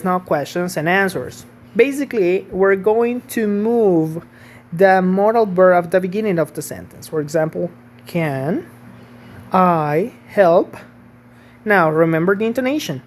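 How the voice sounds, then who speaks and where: A woman's voice: on the low side, darkish tone. Woman teaching English grammar. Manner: patient, checks in with "okay?" and "right?". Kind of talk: online grammar lesson.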